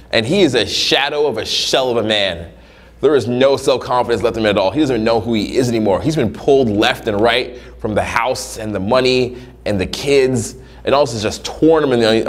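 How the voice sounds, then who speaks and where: A man talking as a dating coach in a casual, profane monologue, acting out little scenes in different voices. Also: medium pitch. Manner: profane, animated, acts out scenarios in voices.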